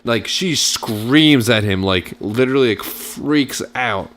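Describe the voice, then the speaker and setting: This man's voice sits in the mid range and is a little bright, and he takes his time. Hosting a gaming channel, he spins a long, rambling story over gameplay, packed with fillers and acted-out quotes of what people said.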